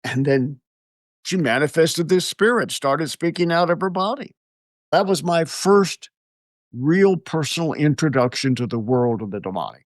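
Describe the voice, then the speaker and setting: Older American man, animated storyteller, lively pitch, dry close sound. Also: normal speed, no room sound. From United States. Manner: animated storyteller, chuckles often. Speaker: guest, exorcist. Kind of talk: storytelling interview answers.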